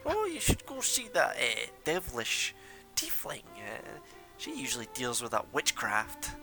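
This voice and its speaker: A man putting on a high falsetto to voice a gossipy older townswoman who chatters on. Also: huge pitch swings, measured pace, pushed and bright, faint music behind, full character voice.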